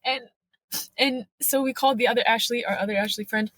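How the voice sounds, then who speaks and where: Woman guest on a podcast, higher voice, earnest storytelling, dry close mic. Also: fairly even intonation, fast, a bit bright, no room sound. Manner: earnest, tells events by acting out quotes. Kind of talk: emotional personal interview.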